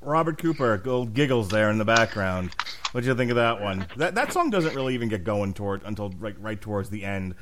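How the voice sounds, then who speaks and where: A man's voice: lowish voice, lively intonation, a little fast, background noise. A man hosting a casual music review podcast, joking around between songs. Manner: joking, does goofy voices. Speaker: podcast host.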